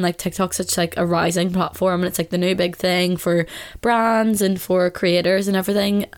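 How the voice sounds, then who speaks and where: A woman's voice: on the low side, no room sound, studio quality. A woman hosting a casual solo podcast, talking with a blocked-up nasal voice, chatty and blunt, saying "like" a lot and swearing freely. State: blocked-up nose. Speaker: podcast host.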